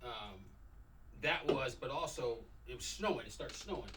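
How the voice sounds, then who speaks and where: A man's voice: medium pitch, animated, moderate pace, background noise. A middle-aged man from Los Angeles tells stories casually, acting out quotes from his youth with animation. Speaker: guest. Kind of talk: casual storytelling conversation. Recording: distant mic.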